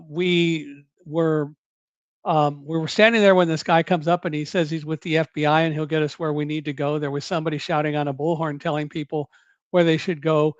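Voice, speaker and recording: An older man telling his own survival story in an interview, in a measured, deliberate way with occasional self-corrections. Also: a little high, dry recording, highs cut off. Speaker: guest recounting a survival story.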